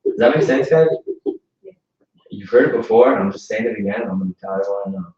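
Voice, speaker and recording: Guy pumping up a crowd at a business mixer, kinda low voice, roomy echo, sounds far from the mic. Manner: energetic, joking, quick asides. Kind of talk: motivational talk to a group. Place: indoor event space. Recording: echoey room from far off, dull sound.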